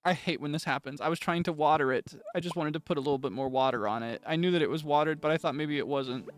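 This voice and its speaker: A man's voice: fairly high pitch, quick pace, no echo. A young man streaming a farming game, chatting casually, laughing often and breaking into dramatic frustrated outbursts. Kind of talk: casual gameplay chat.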